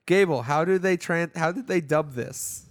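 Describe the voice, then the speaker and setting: A man's voice: fairly high pitch, normal speed, dry recording, clean studio sound. A man co-hosting a casual chat, rambling with lots of fillers and laughing often. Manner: rambling, laughs often, puts on silly voices. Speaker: podcast co-host. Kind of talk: casual chat about anime.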